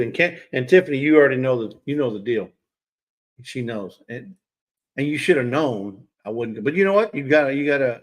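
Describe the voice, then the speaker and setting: Male host, casual livestream chatter, teasing and talkative, mid-pitched voice. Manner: chatty, teasing, talks straight to chat viewers.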